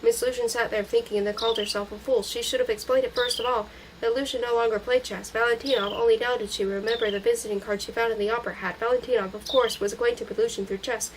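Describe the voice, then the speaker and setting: A woman's voice: a little high, fairly even intonation, quick pace, a little hiss or hum, poor audio. A woman reading a novel aloud, moving steadily through long sentences with small slips and restarts. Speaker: audiobook reader.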